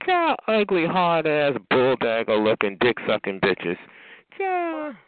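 Man, call-in host, sassy and brash, lively swooping pitch, tinny phone-like sound. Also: normal speed, dry recording. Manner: sassy, brash, calls people honey and child. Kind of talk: call-in show banter. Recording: phone-like line with faint noise.

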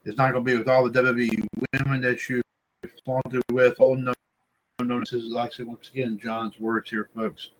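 A man hosting a casual wrestling podcast, his pitch sitting in an ordinary middle range. He rambles, loops through repeated filler phrases and talks straight to his listeners as folks. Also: level tone, brisk, slight background noise, poor audio. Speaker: podcast host.

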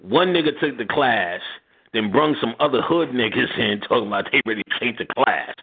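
Over a phone line, a middle-aged radio host tells stories in casual, profane talk, laughing often and doing voices for what others said. His medium-pitched voice is animated and fairly quick, with vocal fry and a slightly rough edge.

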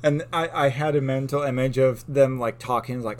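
A man co-hosts a relaxed podcast, recounting lore with an animated, storytelling manner. His voice sits at an ordinary pitch for a man, and he laughs easily between points. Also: normal speed, few pauses. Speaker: podcast co-host. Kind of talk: casual lore chat.

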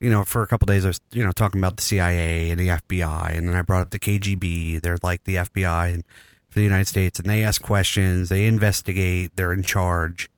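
A man's voice: low voice, fairly even intonation, fast, smooth, no echo, studio quality. A man in his thirties hosting a podcast, telling a long story with crude jokes in casual chat. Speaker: podcast host.

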